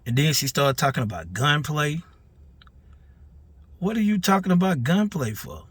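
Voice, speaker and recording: A man's voice: a little high, expressive, normal speed, husky, dry recording. A man recounts events in casual, unscripted storytelling. He talks with animation, tripping over and repeating words as he works through his account. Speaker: neighborhood mentor recounting a dispute.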